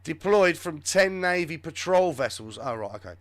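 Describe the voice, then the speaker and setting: A man's voice: on the high side, expressive, normal speed, dry recording. A man hosting a live show, giving rambling, sarcastic, off-the-cuff commentary on the news. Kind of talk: live political commentary chat.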